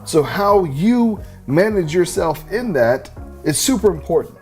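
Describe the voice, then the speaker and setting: A man preaching a sermon, telling animated stories with self-deprecating humor. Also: sits high, a little slow, soft background music. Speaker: pastor.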